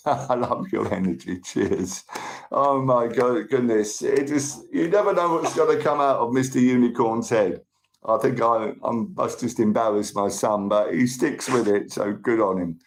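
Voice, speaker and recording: A middle-aged man hosts a rambling, casual live stream, greeting and thanking viewers. He talks at normal speed in a medium-pitched voice with vocal fry, in a roomy space with faint noise.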